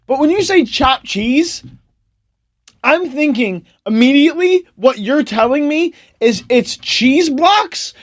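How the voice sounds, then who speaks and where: A man's voice: very high voice, animated, slow. A young man with a New Jersey accent, co-hosting a podcast in loose, profane, laughing banter. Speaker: podcast co-host. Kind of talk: casual chat.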